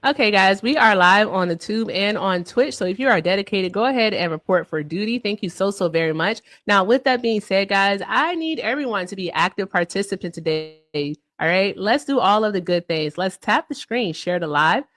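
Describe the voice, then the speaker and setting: A woman's voice: mid-range voice, expressive, normal speed, few pauses, fairly bright tone, no room sound. A woman hosting a casual livestream, chatty and upbeat, who keeps repeating stock phrases and laughs often. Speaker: livestream host.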